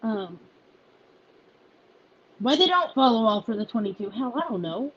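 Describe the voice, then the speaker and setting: A woman who leads a volunteer group, speaking in a halting, emotional personal message with many restarts, close to tears. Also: fairly high pitch, very animated, slightly rough, muffled recording.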